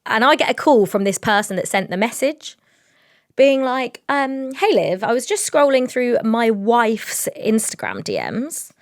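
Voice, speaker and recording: A young woman co-hosting a podcast, telling a story in a rambling, animated way with lots of fillers. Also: on the high side, a little slow, no room sound, clean studio sound. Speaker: podcast co-host. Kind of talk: casual storytelling chat.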